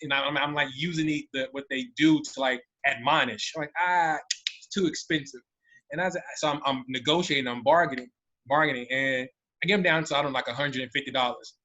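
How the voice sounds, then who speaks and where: An American man telling a story on a panel in an animated way, often restarting his sentences. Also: medium pitch, quick pace. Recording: dull lo-fi audio.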